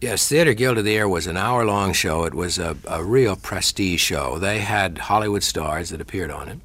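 A man's voice: low-pitched, moderate pace, fairly bright tone. An older man, a veteran radio actor, fondly reminiscing in an interview, rambling with restarts.

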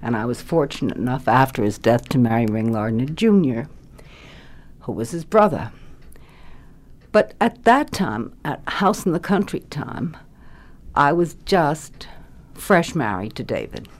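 An older woman, a former radio actress, reminiscing in an interview as an animated storyteller who laughs readily. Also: a bass voice, measured pace, pauses often. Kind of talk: reminiscing conversation.

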